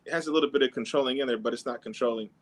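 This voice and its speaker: A man talks quickly and casually as a podcast host, his pitch sitting in an ordinary middle range. He loosely explains ideas and drops in quick sample dialogues. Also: low-quality recording. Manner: conversational, peppered with fillers.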